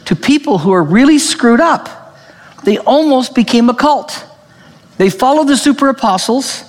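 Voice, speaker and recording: Male pastor, emphatic sermon delivery, very lively pitch, long hall reverb. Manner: animated, emphatic preaching with frequent restarts.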